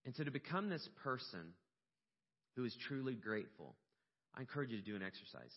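In a dull lo-fi recording soaked in long hall reverb, a middle-aged pastor delivers a sermon. His medium-pitched voice moves fairly quickly as he tells a personal story, the emotion rising until he becomes animated and emotional at its peaks.

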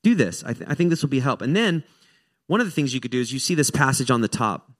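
A man's voice: medium pitch, sing-song, fast talker. American man preaching a casual sermon. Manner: casual, self-deprecating asides with frequent restarts. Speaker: pastor.

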